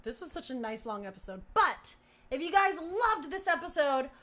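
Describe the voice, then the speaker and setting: A woman's voice: high-pitched, normal speed. A woman hosting a casual talk show, telling stories with lots of laughter and acted-out quotes. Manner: giggly, animated storyteller acting out quotes. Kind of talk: casual chat.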